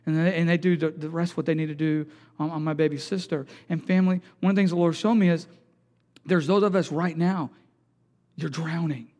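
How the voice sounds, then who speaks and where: A male pastor preaching a sermon, moving from quiet, halting storytelling to loud, impassioned pleading. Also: a little high, steady tone, long reverb tail.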